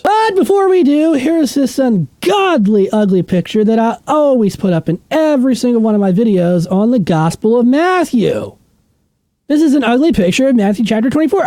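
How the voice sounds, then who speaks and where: A man's voice: extremely high pitch, mellow, dry recording. A man teaching a casual Bible study to his channel's viewers, emphatic and repeating words for stress.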